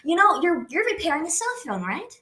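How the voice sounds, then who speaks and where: A woman chatting as a guest on a podcast, animated and quick to laugh, into a studio condenser mic. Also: very high voice. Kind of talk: casual podcast chat.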